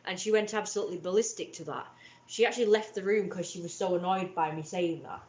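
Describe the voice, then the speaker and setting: A young woman chats on a livestream in a fairly low voice. She rambles through long, upset retellings, stopping and restarting, and the room around her rings with echo. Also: quick pace, a little mellow. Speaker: livestream host. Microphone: webcam or phone on a livestream.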